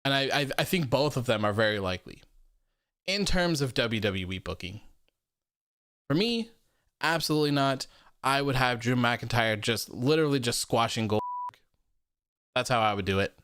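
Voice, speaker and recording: A man's voice: medium pitch, animated, moderate pace, long pauses, fairly bright tone, smooth, no echo, clean studio sound. A young man hosting a live wrestling post-show, chatting casually, reading viewer comments aloud and laughing often.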